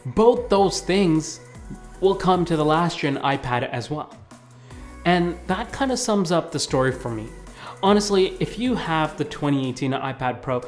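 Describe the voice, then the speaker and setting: Chatty, excitable male tech reviewer. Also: fairly high pitch. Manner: chatty and excitable, leans heavily on "like". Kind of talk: casual video review.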